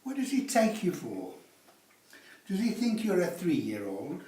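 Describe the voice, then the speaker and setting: A man's voice: high voice, wildly swooping pitch, unhurried, mellow. A man teaching a sales class, lecturing with teasing rhetorical tag questions. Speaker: sales instructor. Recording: roomy, from a distance.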